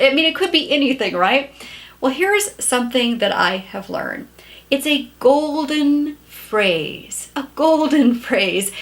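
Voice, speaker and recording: Lively high-voiced woman giving advice. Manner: chatty and animated, acting out quoted lines. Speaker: marriage advice speaker. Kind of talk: casual advice talk to camera.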